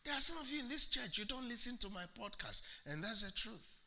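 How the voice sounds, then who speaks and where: A male pastor preaches an animated sermon in church with an extremely high-pitched voice at a brisk pace. He asks the congregation rhetorical questions and swings between loud and hushed delivery.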